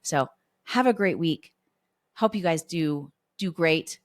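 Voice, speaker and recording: A woman in her forties talks casually to her listeners on a close podcast mic. Her voice sits a bit low, and the sound is dry and close. She tells stories with quoted dialogue and offers friendly encouragement. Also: animated, slow, dry recording. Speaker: podcast host. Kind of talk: casual solo podcast talk.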